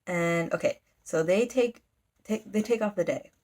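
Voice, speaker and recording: A woman's voice: mid-range voice, normal speed, darkish tone. A woman recapping a manga in a casual, rambling chat, giggling and using lots of fillers. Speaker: manga reviewer.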